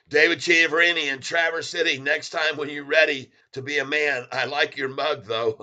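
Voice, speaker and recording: Male streamer, casual, chuckly, talks straight to viewers, fairly high voice. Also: fairly even intonation, moderate pace, sharp tone, highs cut off. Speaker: stock livestreamer. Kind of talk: casual livestream, reading chat aloud.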